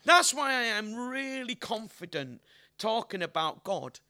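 A man's voice: high voice, very animated, measured pace, bright, forceful tone. A man in his fifties preaching a sermon as an evangelist, emphatic and full of rhetorical questions to the congregation.

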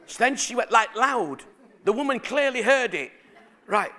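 A middle-aged preacher with an extremely high-pitched voice moves at a moderate pace through his sermon. He recounts family anecdotes in a lively, conversational way and asks the congregation questions.

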